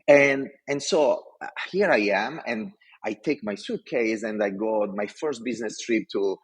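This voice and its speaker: A man's voice: on the low side, moderate pace, slightly rough, low-quality recording. A man in his forties from Italy, with an Italian accent, passionately telling stories as a podcast guest. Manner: passionate, animated storyteller. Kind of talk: interview storytelling.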